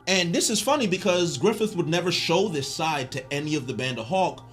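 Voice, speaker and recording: Animated man in a higher voice, casual video-essay host, faint music behind. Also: fairly quick. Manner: animated, joking, slangy.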